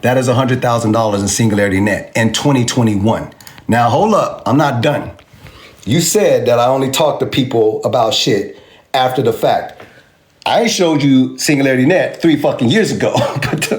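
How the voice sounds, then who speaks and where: A man's voice: mid-range voice, moderate pace. A man hosting a crypto video, talking straight to the camera in an emphatic, repetitive, taunting way as he answers a viewer. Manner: addresses a commenter directly. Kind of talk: animated direct-to-camera rebuttal.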